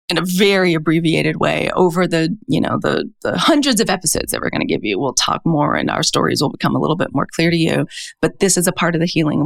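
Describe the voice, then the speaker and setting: A woman from Mississippi co-hosting a podcast, talking candidly and with feeling, with lively asides. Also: lowish voice, creaky, dry recording, studio quality. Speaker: podcast co-host. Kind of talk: casual podcast chat.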